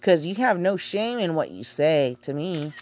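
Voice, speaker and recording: Young woman, casual rant, low-ish voice, unhurried delivery, sarcastic and profane. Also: sing-song, a little mellow. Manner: profane, defensive, sarcastic with scoffing laughs. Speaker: streamer responding to accusations. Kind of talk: casual ranting monologue.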